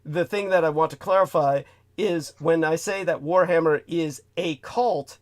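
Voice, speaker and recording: A man hosting a casual talk show, emphatic and scornful, with loud bursts of emphasis. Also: a little high, moderate pace. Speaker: host. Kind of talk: casual monologue and chat.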